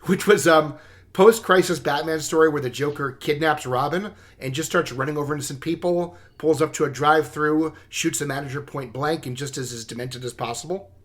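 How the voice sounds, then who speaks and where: A man's voice: a little high, a little fast, a bit bright. A man co-hosting a podcast, chatting casually and thoughtfully about comic stories. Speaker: podcast co-host. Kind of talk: casual chat.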